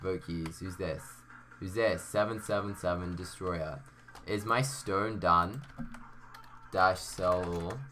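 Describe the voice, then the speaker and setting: A man's voice: sits low, steady tone, slow pace, bright, forceful tone. A young man chatting casually on a gaming live stream, reading viewer messages aloud and answering them.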